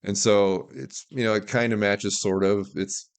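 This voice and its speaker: A man's voice: fairly low pitch, steady tone, unhurried, clear, resonant tone. A man from Alaska, a guest filmmaker telling candid, opinionated behind-the-scenes stories in a casual podcast interview. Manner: candid, opinionated, talks through anecdotes.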